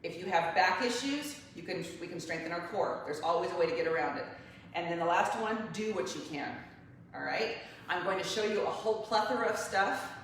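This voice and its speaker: A woman's voice: fairly low pitch, lively intonation, fairly quick. A woman in her forties who teaches barre fitness and gives a chatty, encouraging pep talk to her class. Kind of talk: motivational class talk to camera. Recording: echoey room, mic at a distance, faint hiss.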